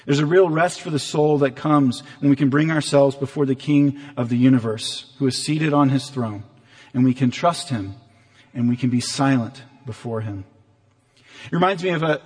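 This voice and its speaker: A man preaching a sermon as pastor, earnest and animated, sometimes acting out the voices in the story. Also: medium pitch. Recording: long hall reverb.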